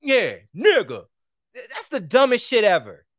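Male podcast host, heated ranting delivery with animated pitch swings, dry close mic. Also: unhurried, dry recording. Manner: heated, ranting, swinging between loud outbursts and low asides. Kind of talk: opinionated solo commentary.

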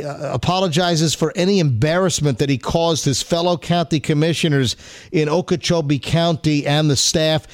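High-voiced ranting male radio host. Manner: exasperated ranting. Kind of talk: morning radio talk.

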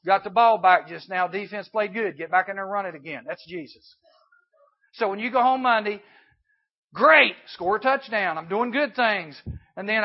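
High-voiced man preaching to a youth camp. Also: normal speed. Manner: emphatic, swings from hushed to loud. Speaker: camp speaker. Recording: dull lo-fi recording.

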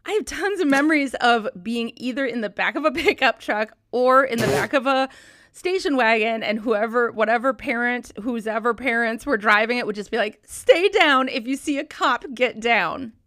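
A woman's voice: on the high side, normal speed, a bit bright, no room sound, clean studio sound. A woman in her thirties hosting a podcast, rambling in casual chat, swearing freely and laughing often. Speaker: podcast host.

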